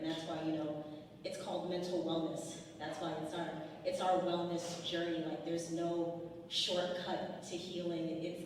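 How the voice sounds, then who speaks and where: A woman's voice: fairly low pitch, a little mellow, slight background noise. A woman on a panel speaking with emphasis and affirmation, repeating her phrases for weight. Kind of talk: impassioned panel talk. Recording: echoey hall from far off.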